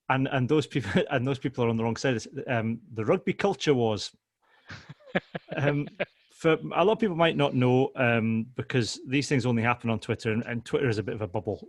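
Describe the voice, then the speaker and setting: A man's voice: medium pitch, no room sound. A man hosting a casual podcast chat, explaining at length with frequent ums and hesitations. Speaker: podcast host.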